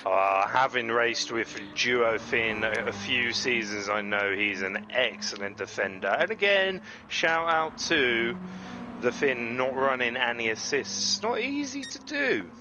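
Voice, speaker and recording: A man commentating on an online sim racing league in a chatty, self-deprecating way, often breaking into excited exclamations. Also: medium pitch, a little slow, noisy background. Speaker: race commentator.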